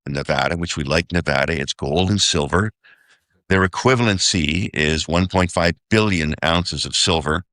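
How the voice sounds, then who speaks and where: A man's voice: low voice, sharp tone, no echo, studio quality. A man speaking as an investor guest in a casual interview, rambling, working out sums aloud and often checking "okay?".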